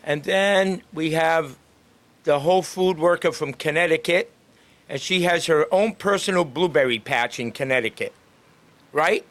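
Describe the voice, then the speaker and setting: Friendly guy chatting up strangers on the street, kinda high voice, laughs a lot. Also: measured pace, a bit bright. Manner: upbeat, chatty, laughs often. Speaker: street greeter and podcast host. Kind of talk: casual chat with passersby. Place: outdoors on a town street.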